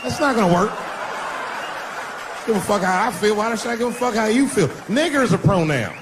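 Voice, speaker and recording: A middle-aged man performing stand-up comedy on stage, telling a profane, conversational story and jumping his pitch for voices. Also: expressive, brisk, noisy background. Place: stage before a live audience.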